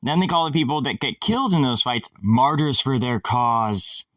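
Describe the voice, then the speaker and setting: A man's voice: mid-range voice, lively intonation, normal speed, a bit bright, no room sound, clean studio sound, distant mic. A man hosting a casual monologue, rambling, sarcastic and irreverent, swearing freely.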